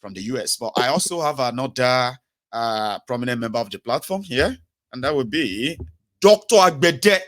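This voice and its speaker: Low-key Nigerian man hosting. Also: expressive, moderate pace, fairly bright tone. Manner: low-key, affirming, mixes Pidgin. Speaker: talk show host. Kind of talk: casual talk show hosting.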